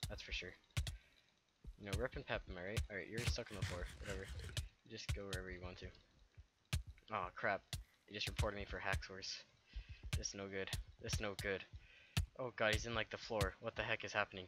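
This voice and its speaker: A man hosting a gaming channel, giving let's play commentary with excitable, trash-talking banter aimed at his opponents. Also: on the low side, fairly quick, long pauses, music in the background.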